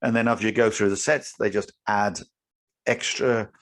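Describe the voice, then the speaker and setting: A man's voice: fairly low pitch, steady tone, normal speed, fairly bright tone. A man co-hosting a casual podcast, explaining at length with restarts and easy laughs. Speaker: podcast co-host. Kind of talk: casual chat.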